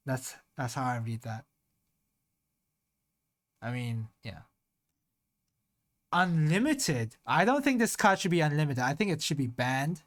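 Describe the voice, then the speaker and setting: A streamer thinking aloud in casual live-stream talk, slowly sounding out Japanese words syllable by syllable and trailing off into mutters. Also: mid-range voice, big pitch swings.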